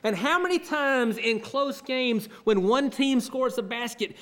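High-voiced male preacher, loud to hushed. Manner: dramatic swings from loud declarations to hushed near-whispers; rhetorical repetition, measured preaching cadence. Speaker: pastor. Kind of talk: sermon.

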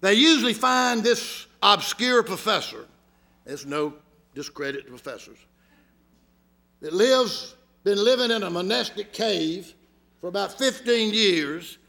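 Man, Georgia accent, pastor, sermon, bright tense tone, folksy storytelling. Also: high voice, lively intonation, unhurried, vocal fry. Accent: Southern US, Georgia. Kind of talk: sermon with humorous stories.

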